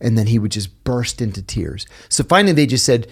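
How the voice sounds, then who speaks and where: A man's voice: medium pitch, fairly quick, breathy edge. A middle-aged American man, a podcast guest, telling personal stories in casual talk and acting out the people he quotes. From United States. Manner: animated storyteller, acts out quoted voices, laughs at own stories. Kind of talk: casual storytelling interview.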